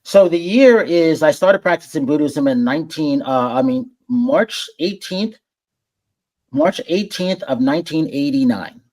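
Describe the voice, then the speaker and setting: Animated man telling stories, fairly high voice. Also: measured pace. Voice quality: warm and friendly voice-over delivery. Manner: animated, acts out quoted voices, repeats words when starting. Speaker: podcast guest, entertainment journalist. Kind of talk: casual interview storytelling.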